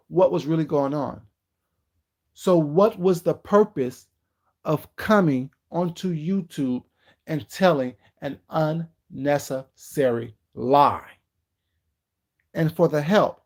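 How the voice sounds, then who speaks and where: Brief: male live-stream commentator, sassy and emphatic, slightly high voice, hammers points with slow rhetorical questions. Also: animated, darkish tone.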